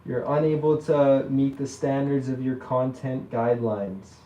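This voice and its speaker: A man's voice: mid-range voice, flat delivery, measured pace, dark tone, echoey room, distant mic, a little hiss or hum, poor audio. A man chatting casually with an AI voice, teasing it and stalling with repeated words. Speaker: user chatting with an AI voice. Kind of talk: casual chat.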